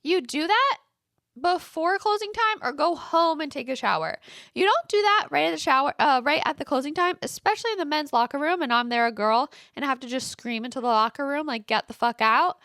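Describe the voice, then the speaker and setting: Gravelly young woman ranting. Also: high-pitched, animated, fairly quick, a bit bright, no room sound, clean studio sound. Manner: exasperated, swears freely, heavy use of "like". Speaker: podcast host. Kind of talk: casual storytelling rant.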